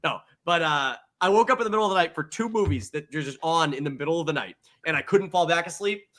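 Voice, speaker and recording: A man co-hosting a comedy podcast, telling animated stories full of swearing and acted-out quotes. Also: fairly high pitch, quick pace. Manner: animated storyteller, swears a lot, acts out quotes. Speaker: podcast co-host. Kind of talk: casual comedic chat.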